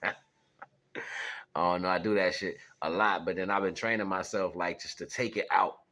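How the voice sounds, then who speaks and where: Deep raspy guy rambling thru life lessons, bright edgy tone, laughs a lot. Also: moderate pace, slight background noise. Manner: rambling, animated, laughs often, acts out voices in stories. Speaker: vlogger sharing life lessons. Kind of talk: casual storytelling monologue.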